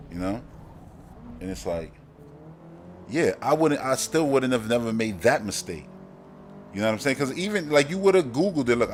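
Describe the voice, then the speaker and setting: A man's voice: lowish voice, slight background noise. A man with a Brooklyn accent, hosting a casual live-stream chat in a slangy, rambling way and laughing often. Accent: Brooklyn, New York. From Brooklyn, New York. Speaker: podcast host.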